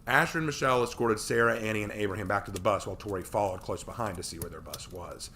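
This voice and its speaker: A man streaming a reading of his own story, narrating with lively delivery and the odd slip. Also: on the low side, quick pace. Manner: lively reading, some slips and restarts.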